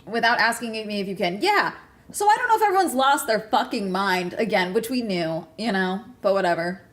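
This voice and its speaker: A young adult woman streaming and chatting casually, telling stories in a profane, animated way with many restarts. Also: medium pitch, fairly quick. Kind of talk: casual livestream chat.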